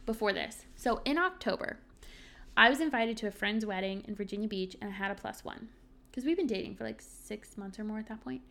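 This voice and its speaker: A woman's voice: mid-range voice, brisk, vocal fry, a bit bright. A young woman hosting a solo podcast, chatting candidly and reading from her journal with lots of ums and likes. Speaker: podcast host.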